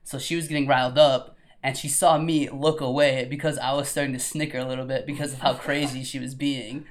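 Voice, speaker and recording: A man's voice: mid-range voice, fairly quick. A young man who works in a carpet department, casually telling a story with lots of swearing and laughter. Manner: animated, profane, laughs while telling stories.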